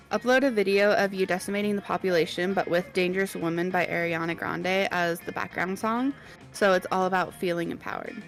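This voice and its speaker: A woman streamer narrating a story game live in a playful, joking way. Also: on the low side.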